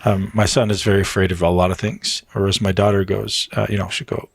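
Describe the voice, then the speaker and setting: A man's voice: deep voice, level tone, brisk, vocal fry, no room sound. A man in a casual podcast conversation, talking emphatically, swearing freely and acting out what people say to themselves. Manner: emphatic, swears freely, acts out inner voices. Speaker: fitness coach being interviewed.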